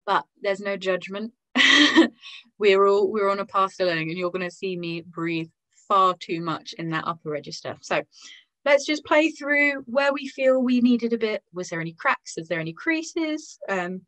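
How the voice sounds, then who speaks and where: A woman with an English accent leading an online singing lesson, gently encouraging and demonstrating sounds aloud. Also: mid-range voice, lively intonation, normal speed, poor audio. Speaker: singing teacher.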